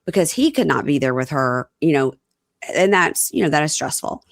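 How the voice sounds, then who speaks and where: A woman's voice: sits low, big pitch swings, moderate pace, creaky, no echo, studio quality. A woman co-hosting a podcast, chatting casually as she recaps a reality show and acts out quotes. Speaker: podcast co-host. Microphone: home computer mic over a call.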